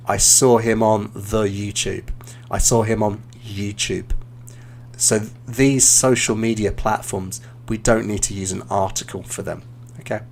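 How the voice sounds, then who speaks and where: A man with a British accent, an English teacher hosting a live stream, giving relaxed, encouraging speaking feedback with frequent "um" fillers. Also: medium pitch. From Britain.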